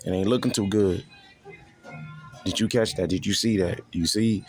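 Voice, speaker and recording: A man's voice: lowish voice, moderate pace, long pauses, faint music behind. A man preaching scripture in a crude, profane way, constantly repeating "you see" to his listeners. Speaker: street preacher.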